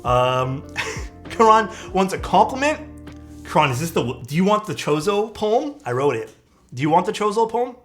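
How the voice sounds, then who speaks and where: Guy streamer, kinda high voice, swearing and rambling through a story, faint music under it. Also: normal speed. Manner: loose, profane, animated storytelling with frequent laughs. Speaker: streamer building keyboards. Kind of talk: casual livestream chat and storytelling.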